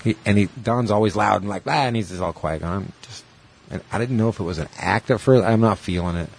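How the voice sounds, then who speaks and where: A man's voice: lowish voice, quick pace, vocal fry, husky. A man co-hosting a podcast in casual chat, rambling and swearing, acting out other people's lines as he retells a story. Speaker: podcast co-host.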